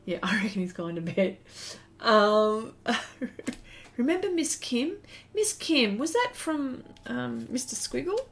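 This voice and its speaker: A middle-aged woman with an Australian accent chats casually while she draws on a live stream. Her voice sits fairly high. She laughs easily and reads out messages from her viewers. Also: sing-song, slow, creaky, a little hiss or hum. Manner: chatty, laughs often, reads chat aloud. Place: home studio shed.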